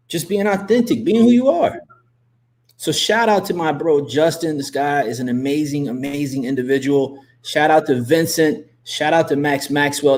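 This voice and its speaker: A man hosting a live interview as a coach, talking emphatically and repeating himself as he gives shout-outs and pep talk. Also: mid-range voice. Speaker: host and coach. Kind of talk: motivational livestream talk.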